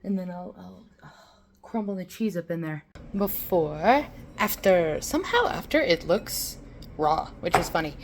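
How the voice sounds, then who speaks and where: Slow, rambling woman in her kitchen. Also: lowish voice, expressive, a little hiss or hum, low-quality recording. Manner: rambling, chatty, fond of swearing. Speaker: vlogger host. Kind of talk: casual cooking vlog chat. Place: home kitchen.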